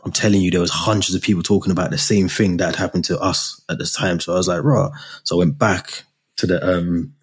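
A young man in casual chat, relaxed and slangy. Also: low-pitched, a little fast, slightly rough.

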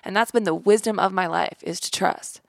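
Animated woman telling a story, dry sound. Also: mid-range voice, brisk, creaky, no room sound. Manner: animated storyteller acting out quoted voices, spiritual vocabulary. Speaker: podcast guest. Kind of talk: casual storytelling interview.

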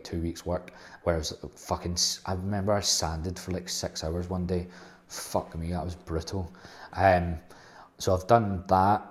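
Casting: young guy, deep even voice, blunt sweary storyteller. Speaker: host. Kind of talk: casual storytelling monologue.

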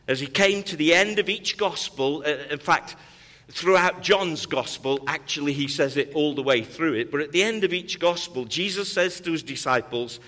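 A man's voice: fairly high pitch, bright, forceful tone. Emphatic male preacher in a reverberant hall. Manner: emphatic, repetitive preaching cadence with rising calls. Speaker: pastor. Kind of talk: sermon.

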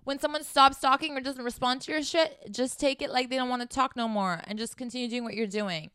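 Blunt, foul-mouthed woman coach with a smooth voice. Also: high-pitched, fairly quick, fairly bright tone, dry recording, clean studio sound. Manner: blunt and profane, chatty. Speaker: dating and sex coach. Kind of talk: casual advice vlog.

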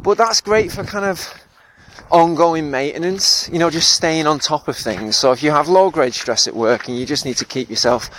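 A man's voice: on the high side, moderate pace, fairly bright tone, a little hiss or hum. A man hosting a solo podcast, reflecting in a thoughtful, self-deprecating way with fillers and frequent laughs. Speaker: podcast host and therapist.

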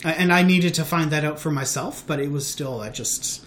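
A man hosting a podcast, talking candidly in a casual chat, halting and restarting often. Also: fairly high pitch, fairly bright tone, slight background noise. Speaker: podcast host.

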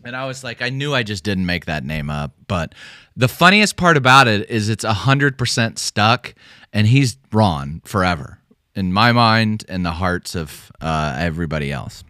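A man's voice: lowish voice, big pitch swings, normal speed, pushed and bright, dry recording, clean studio sound. A man co-hosting a casual podcast, telling stories full of fillers and restarts. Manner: rambling storytelling with many fillers and restarts. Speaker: podcast co-host.

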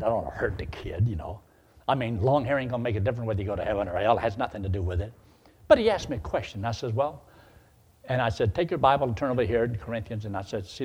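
A man's voice: medium pitch, darkish tone, husky. An older man telling a story in a sermon, folksy and acting out the voices he quotes. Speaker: preacher.

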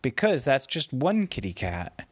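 Man doing a curious storybook little girl, slow, lively lilt. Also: mid-range voice.

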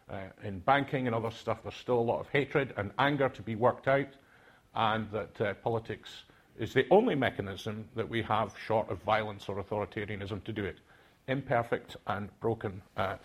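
Older Scottish man, husky, mid-pitched, hesitant conference speaker. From Aberdeen, Scotland. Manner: hesitant, many filler sounds and restarts. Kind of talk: reflective speech to a conference audience.

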